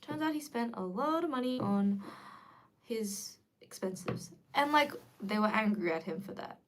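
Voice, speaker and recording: A young woman chatting casually to viewers on a livestream, lively and quick to react. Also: fairly high pitch. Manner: chatty and animated, switching between English and Korean. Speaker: livestream host.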